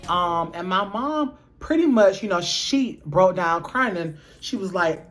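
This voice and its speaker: A woman's voice: lowish voice, expressive, a little slow, few pauses, a bit bright. A young woman telling a personal story in a casual, candid vlog, blunt and profane with frequent "um"s. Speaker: vlogger.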